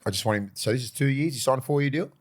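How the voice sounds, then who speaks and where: A man's voice: mid-range voice, very fast. A man chatting casually as a podcast co-host, rambling and laid-back, swearing now and then. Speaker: podcast co-host, former player. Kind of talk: casual chat.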